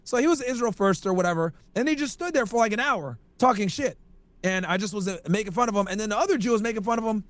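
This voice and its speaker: A man's voice: high voice, animated, quick pace, dry recording. A man chatting casually as a streamer, telling rambling stories full of crude slang. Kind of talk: casual podcast chat.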